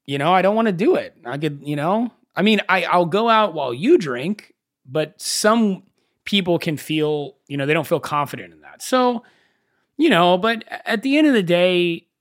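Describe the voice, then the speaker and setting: Animated young man hosting his podcast. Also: high voice, moderate pace, no room sound, clean studio sound. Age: young adult. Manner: animated storyteller, swears freely. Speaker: podcast host. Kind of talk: casual solo podcast monologue.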